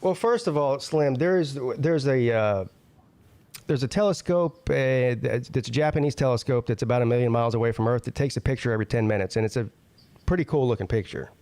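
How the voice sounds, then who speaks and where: Guy hosting a laid-back online panel, talks quick and rambly, keeps restarting his sentences. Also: medium pitch, darkish tone, no room sound. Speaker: show host. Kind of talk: casual panel chat.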